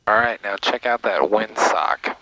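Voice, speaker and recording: A man instructing a student pilot in a small plane cockpit, giving short relaxed directions over a headset. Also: lowish voice, measured pace, dry recording, poor audio. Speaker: flight instructor.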